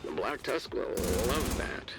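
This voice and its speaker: An actor playing a terse male mission handler in a video game, giving orders to an agent in a brisk, commanding way. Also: medium pitch, animated. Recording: game audio over music.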